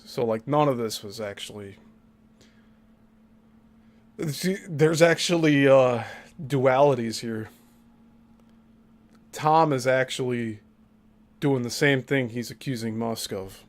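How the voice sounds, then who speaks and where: A male podcast host talking at a middle pitch as he picks apart someone's claims. He speaks in a pointed, critical way, often turning to a co-host to make an aside. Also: measured pace. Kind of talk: commentary podcast.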